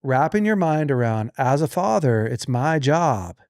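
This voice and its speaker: Animated man telling a family story on a podcast. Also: mid-range voice, a little slow, dry recording, clean studio sound. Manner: animated, acts out quoted voices. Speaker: podcast host. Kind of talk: casual storytelling chat.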